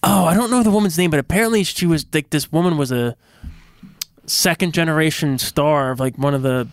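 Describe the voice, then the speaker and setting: Relaxed, halting male podcast co-host. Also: a little high, no room sound, studio quality. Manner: relaxed, hesitant, many fillers. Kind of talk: casual wrestling chat.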